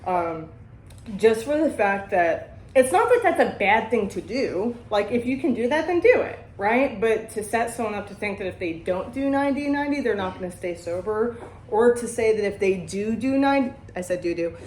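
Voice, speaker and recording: Brief: female podcast host, sponsor type, mid-pitched, blunt and foul-mouthed, echoey room. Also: lively intonation, moderate pace, darkish tone. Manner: blunt, heavy swearing, keeps asking "right?". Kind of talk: casual recovery talk. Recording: roomy echo.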